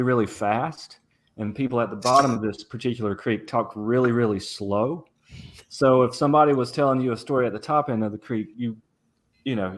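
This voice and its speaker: A man on a livestream panel, telling unhurried stories and savoring old dialect words. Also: medium pitch. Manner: storytelling, relaxed, relishes folksy dialect words. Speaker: game writer on a livestream panel. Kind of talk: casual livestream chat.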